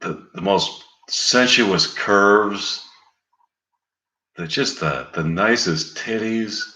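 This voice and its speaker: A man playing a smooth-talking older male stage mentalist, drawing each phrase out slowly and coaxingly. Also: on the low side, bright, forceful tone, reverberant, heavily acted. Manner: slow, drawn-out coaxing delivery.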